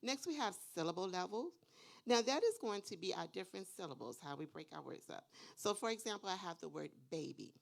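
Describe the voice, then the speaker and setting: A woman's voice: on the low side, big pitch swings, normal speed, gravelly. A woman who teaches kindergarten, presenting a seminar for parents, explaining skills patiently step by step and often checking in with "okay?".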